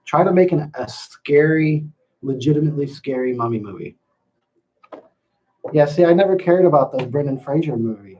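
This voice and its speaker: Profane, laughing livestream host. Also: male voice, on the high side, moderate pace, mellow, low-quality recording. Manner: loose, profane and laughing, slipping into rants. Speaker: livestream host reading chat. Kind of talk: casual livestream chat.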